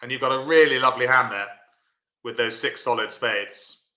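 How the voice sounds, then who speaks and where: A man's voice: medium pitch, moderate pace, sharp tone, reverberant. A man teaching a live-streamed bridge lesson, chatty and encouraging, answering viewers by name.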